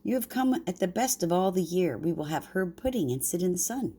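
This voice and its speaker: An older woman voicing a gentle, homesick male country mouse in a bedtime story, speaking softly and earnestly. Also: fairly low pitch, big pitch swings, brisk. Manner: soft and earnest.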